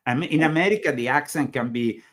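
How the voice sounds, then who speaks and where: A talk show host from Italy speaks at a quick pace in a fairly high, somewhat bright voice. With his Italian accent, he conducts a casual interview that rambles and hesitates, full of filler words.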